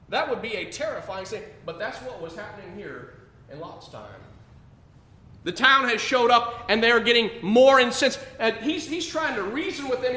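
A man preaching a sermon, emphatic, swinging between loud declarations and quiet asides. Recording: echoey room with faint rumble.

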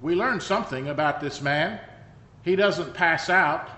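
A male preacher with a high, bright voice tells the story conversationally and drives his points home with emphatic asides. His voice carries through a long, echoey church hall. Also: unhurried. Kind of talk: sermon.

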